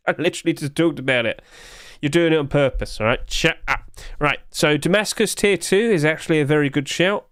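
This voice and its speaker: Chatty streamer man with a higher voice. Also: fairly bright tone, smooth, no room sound, clean studio sound. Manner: chatty, jokey, answers chat and laughs often. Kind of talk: casual live-stream chat.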